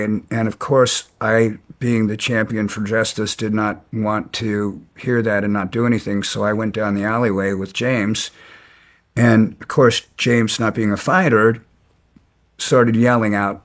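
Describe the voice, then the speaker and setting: A middle-aged man recounting his past in an interview, halting with frequent restarts. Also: on the low side, little pitch movement. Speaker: guest. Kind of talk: storytelling interview.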